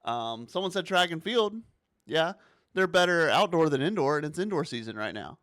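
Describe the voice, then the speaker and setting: A man hosting a sports talk show, chatting casually and animatedly, sometimes rising to exasperated near-shouts. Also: a little high, big pitch swings, moderate pace, no room sound, studio quality. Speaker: sports podcast host.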